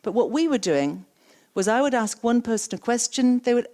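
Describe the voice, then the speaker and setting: A woman gives an interactive keynote talk on coaching. She repeats the audience's words back to them and asks quick follow-up questions. Her delivery is conversational and lively. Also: fairly high pitch. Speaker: keynote speaker and coaching trainer. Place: conference stage.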